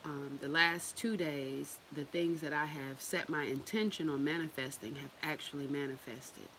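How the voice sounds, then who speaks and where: A woman's voice: sits low, fairly even intonation, moderate pace, a bit bright, slight background noise, poor audio. A woman giving a casual spiritual talk to her viewers. She is loose and profane, laughs often and repeats phrases for emphasis. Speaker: spiritual teacher.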